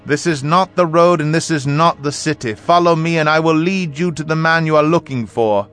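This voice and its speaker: A man voicing a calm, commanding male prophet in a measured, solemn read. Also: on the high side, lightly acted. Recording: faint music behind.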